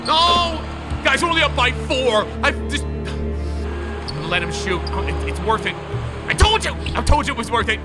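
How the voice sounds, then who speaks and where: A man hosting a gaming video, giving excitable live commentary on his own play and shouting and groaning at the game. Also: very high-pitched, normal speed. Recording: loud game music behind the voice.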